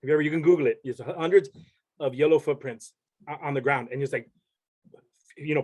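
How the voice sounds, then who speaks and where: A man's voice: on the high side, fast talker, long pauses, darkish tone. A young man, a podcast guest, telling a story in casual chat and rambling with many restarts.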